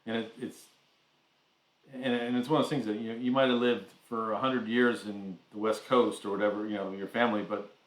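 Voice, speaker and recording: A man co-hosting a casual live stream, talking in halting starts and restarts. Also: on the low side, flat delivery, echoey room, low-quality recording. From United States. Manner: hesitant, many restarts and fillers. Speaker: co-host.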